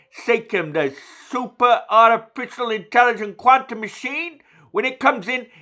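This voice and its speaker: A man's voice: extremely high pitch, pushed and bright, pitched above the performer's own voice, exaggerated voice. A man voicing a collective of channelled spirits, emphatic, devoted and blunt, in a spiritual channelling monologue. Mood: indignant. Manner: insistent, preachy, swears bluntly.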